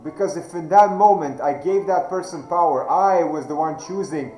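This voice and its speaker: A man, not a native English speaker, telling a personal story slowly and deliberately, with hesitant restarts. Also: on the high side, darkish tone, roomy sound, faint music behind, poor audio. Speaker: channel host. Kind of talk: reflective storytelling monologue.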